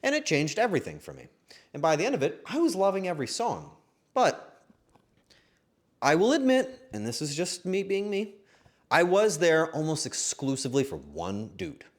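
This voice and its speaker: A young man streaming, chatting casually and emotionally, swearing often and swinging from loud bursts to hushed asides. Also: on the high side, huge pitch swings, moderate pace, pauses often.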